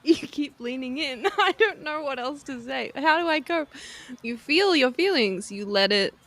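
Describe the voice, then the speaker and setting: A young woman with a fairly high voice, chatting casually as a podcast co-host. She teases and swears freely, and her sentences keep dissolving into giggles. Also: expressive, moderate pace, a bit bright. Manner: laughs constantly, swears freely, teasing. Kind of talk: casual chat.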